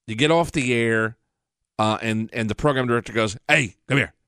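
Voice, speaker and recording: A man's voice: medium pitch, moderate pace, fairly bright tone, smooth, no room sound, studio quality. Blunt, profane male podcast host ranting. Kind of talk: casual ranting monologue. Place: professional studio.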